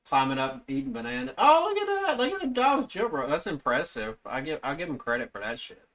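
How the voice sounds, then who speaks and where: Male streamer, profane off-the-cuff reaction commentary, lively pitch, forceful bright tone. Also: brisk. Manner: profane, blurting reactions to clips.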